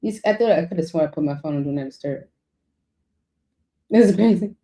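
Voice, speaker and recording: A woman's voice: on the low side, fairly quick, mellow. A middle-aged woman giving a casual tarot reading, chatty and rambling with lots of fillers. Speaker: tarot reader.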